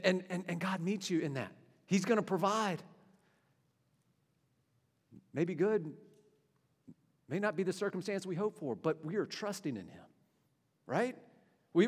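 A man in his forties preaching a sermon, earnest and conversational, often repeating and restarting his words. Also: high voice. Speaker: pastor. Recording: long hall reverb.

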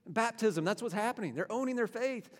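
A man's voice: sits high, lively intonation, fast talker. A man in his forties preaching a sermon, earnest and conversational, often repeating and restarting his words. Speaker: pastor. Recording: long hall reverb.

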